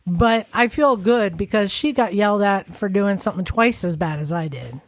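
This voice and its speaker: A woman co-hosting a casual podcast chat, telling anecdotes in an animated way and laughing often. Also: medium pitch, normal speed, no room sound. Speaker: podcast co-host.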